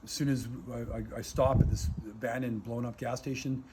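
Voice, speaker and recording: A man tells an interview story with lots of fillers, animated swings and some swearing, speaking outdoors. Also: mid-range voice, normal speed, very noisy. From Canada. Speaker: aid worker telling a war story. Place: outdoors in a war zone.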